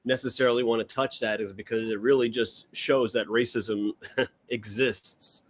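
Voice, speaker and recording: A young man in loose livestream banter who jokes crudely and rambles from point to point. His pitch sits in an ordinary middle range. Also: fairly even intonation, normal speed, faint music behind. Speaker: co-host.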